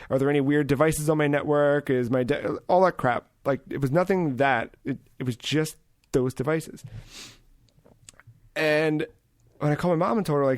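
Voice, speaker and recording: A man hosting a podcast, telling a long story in rambling, profane, animated casual talk. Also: a little high, no room sound, clean studio sound. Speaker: podcast host. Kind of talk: casual chat, anecdote.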